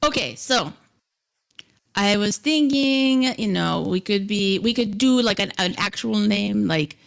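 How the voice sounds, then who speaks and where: A woman's voice: mid-range voice, measured pace, creaky. A woman playing a tabletop game, chatting casually and rambling as she searches for words. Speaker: player.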